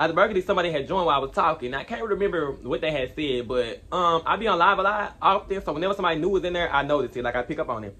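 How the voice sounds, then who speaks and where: A young man telling a storytime vlog in an animated, slangy way, rambling with asides. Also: fairly high pitch, rapid-fire, few pauses. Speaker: vlogger.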